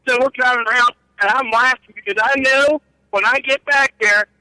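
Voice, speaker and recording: A man's voice: extremely high pitch, fairly even intonation, normal speed, sharp tone, no echo, low-quality recording. A middle-aged man telling rambling, profane stories about his trucking days and laughing at his own tales. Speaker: guest storyteller. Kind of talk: casual storytelling.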